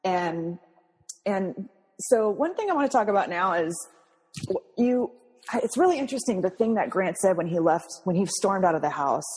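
A woman's voice: medium pitch, expressive, moderate pace, husky, long reverb tail. A woman podcast host who works with patients, speaking encouragingly to her listeners. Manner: warm coaching tone, addresses listeners. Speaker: podcast host, health practitioner.

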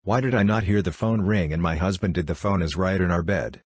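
A man reading a series of short ghost stories aloud in a steady, even storytelling delivery. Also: low voice, a little fast, breathy edge, no room sound, clean studio sound. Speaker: narrator.

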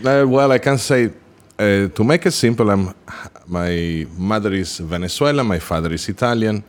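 A man as a podcast guest in a casual interview, relaxed and joking about himself. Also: lowish voice, moderate pace.

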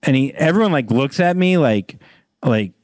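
A man's voice: medium pitch, lively intonation, moderate pace, a little mellow, no echo, clean studio sound. A man telling a long, rambling anecdote as a podcast guest, acting out the quotes. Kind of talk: casual storytelling.

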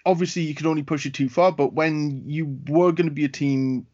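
A man's voice: a little high, steady tone, fairly quick, dark tone. A man hosting an interview, asking hesitant, searching questions with many fillers. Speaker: podcast interviewer. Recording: dull lo-fi sound.

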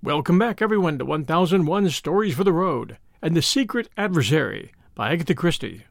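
A man hosting and reading an audiobook in a measured, expressive storytelling manner. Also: on the high side, gravelly. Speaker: audiobook host and reader. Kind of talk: audiobook narration.

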